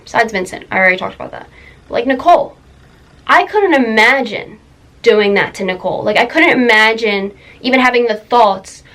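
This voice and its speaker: A young woman telling a personal story in a confessional vlog, halting, full of fillers and close to tears. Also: fairly high pitch, animated, fairly bright tone, low-quality recording. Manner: emotional, halting, many fillers. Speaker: vlogger.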